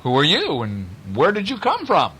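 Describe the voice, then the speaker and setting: A man's voice: a little high, wildly swooping pitch, moderate pace, a bit bright, husky, pitched above the performer's own voice, exaggerated voice, poor audio. A man voicing a small, polite, earnest mouse boy who talks in a kindly, fussing way.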